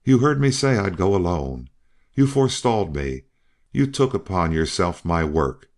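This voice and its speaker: A man's voice: low-pitched, big pitch swings, moderate pace. A man playing a roaring vengeful old giant. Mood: wrathful. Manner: roaring, thunderous. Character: old massive gray-haired man, vengeful and commanding.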